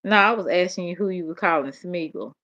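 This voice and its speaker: A woman's voice: on the low side, brisk, a bit bright. A sleepy woman with a Southern accent, chatting late at night on a livestream and answering comments with a lazy drawl and frequent laughs. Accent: Southern US, Dallas. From Tennessee. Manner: drowsy, drawling, laughs often. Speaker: livestream host. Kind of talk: late-night casual chat reading comments. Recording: dull lo-fi stream audio.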